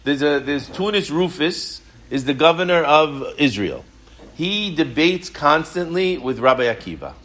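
A man teaching a Torah class, telling stories in an animated way and asking many rhetorical questions. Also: fairly high pitch, unhurried.

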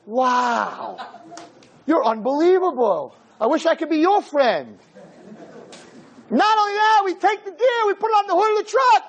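A man, a rabbi, giving an animated, joking talk to teenagers and acting out little scenes as he goes. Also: very high voice, measured pace, lo-fi sound. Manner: acts out voices of boys and girls, jokey, punchy.

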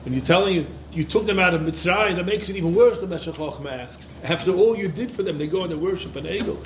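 A man's voice: sits high, fast talker, slight background noise. A man giving an impassioned Torah lecture to yeshiva students, repeating phrases for emphasis. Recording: echoey room.

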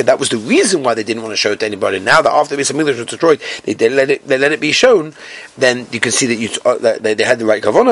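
A man's voice: medium pitch, fairly bright tone, husky, no room sound. Talmud class guy w english accent, sing-songy, swoops up and down a lot, dry recording. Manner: acts out quoted speakers in sing-song chant; mixes Hebrew and Yiddish terms into English. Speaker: Talmud teacher. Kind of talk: Talmud class, reading and translating.

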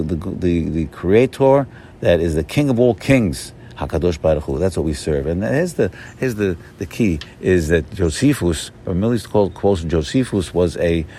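A man with a very deep voice gives an informal religious talk, pressing his points with repetition and frequent restarts. He seems to be outdoors. Faint background noise sits behind him. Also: warm tone. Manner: emphatic, repetitive, with many restarts. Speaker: religious teacher.

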